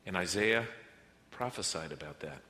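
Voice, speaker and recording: A man preaching a sermon as pastor, earnest, moving between quiet reflective passages and emphatic rises. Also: deep voice, lively intonation, moderate pace. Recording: reverberant hall with faint noise.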